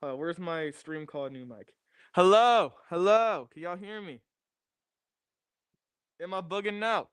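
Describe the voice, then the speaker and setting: Young male streamer, restless and repetitive; high-ish voice, smooth and clean on a dry close mic. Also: measured pace, long pauses, fairly bright tone, no room sound. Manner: restless, repeats phrases while fiddling with gear. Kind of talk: casual livestream chat. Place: home garage. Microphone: new desk microphone.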